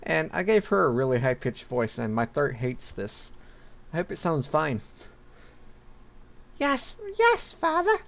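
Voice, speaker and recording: A man's voice: medium pitch, lively intonation, moderate pace, vocal fry, a little hiss or hum. A man chatting casually and self-deprecatingly while playing a game. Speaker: gaming video creator. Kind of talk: let's play commentary.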